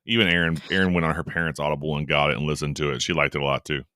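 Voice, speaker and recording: A man's voice: rumbling low, flat delivery, very fast, pushed and bright, smooth, no echo, studio quality. A man co-hosting a podcast, chatting about a book in a rambling, enthusiastic way that trails off mid-sentence. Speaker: podcast co-host. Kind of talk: casual book discussion.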